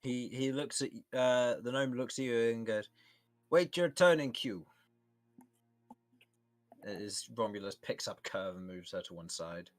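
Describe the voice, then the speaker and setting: Male game master narrating, relaxed and descriptive, dry sound, faint music. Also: medium pitch, moderate pace, few pauses, no room sound.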